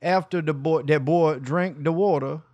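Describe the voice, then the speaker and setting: A man's voice: a little high, moderate pace, a little mellow, dry recording, highs cut off. A man co-hosting a casual podcast, making wry, crude remarks and reading news items. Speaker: podcast co-host.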